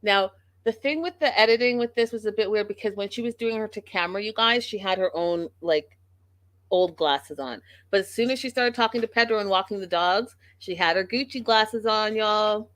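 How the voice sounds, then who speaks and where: A woman's voice: medium pitch, normal speed, no room sound. A woman hosting a reality TV recap show, talking casually and acting out what the cast said. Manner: animated, acts out quotes of the cast.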